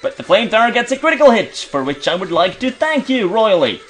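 A young man from Belgium narrates a video game in casual commentary, quick to swear when things go wrong. His voice jumps up and down in pitch, a bit on the high side, and soft game music plays underneath. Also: sing-song. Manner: frustrated, swearing, reads game text aloud in silly voices. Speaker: let's play commentator.

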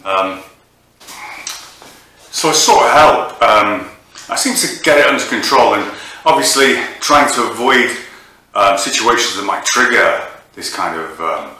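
Halting low-voiced man, echoey room. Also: expressive, pushed and bright. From England. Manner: halting, rambling, hesitant. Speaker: comedian. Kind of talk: comic monologue. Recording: echoey room, distant mic, faint noise.

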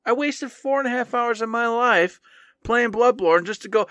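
A man's voice: very high voice, moderate pace, fairly bright tone, no room sound, studio quality. A man co-hosting a gaming podcast, scolding his past self in a mock-angry casual rant. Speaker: podcast co-host.

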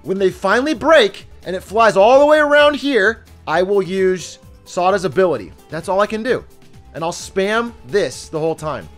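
A male streamer with a high voice that jumps all over the place, reacting out loud to his game. He curses freely and breaks into laughter often. Faint music plays behind him. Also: moderate pace. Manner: excitable, swears a lot, laughs often. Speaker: livestreamer. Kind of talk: live gaming commentary.

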